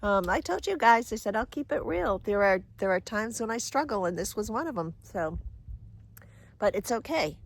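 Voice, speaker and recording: A woman's voice: mid-range voice, animated, normal speed. Chatty woman vlogging a hike. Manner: chatty, candid, catching her breath on climbs. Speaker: hiking vlogger. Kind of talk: casual trail vlog. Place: outdoors on a mountain trail. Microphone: handheld camera.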